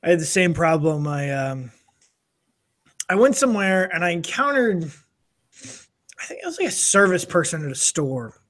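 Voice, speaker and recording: Higher-pitched, self-deprecating man in his thirties. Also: very animated, a little slow, pauses often, fairly bright tone. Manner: self-deprecating, laughing storyteller. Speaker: podcast co-host. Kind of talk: casual chat.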